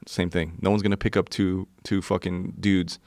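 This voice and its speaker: Deep-voiced guy in his 40s telling a crude story, swears a lot, dry close sound. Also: level tone, moderate pace, a little mellow, no echo. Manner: profane, vivid storytelling. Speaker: podcast guest. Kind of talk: casual storytelling.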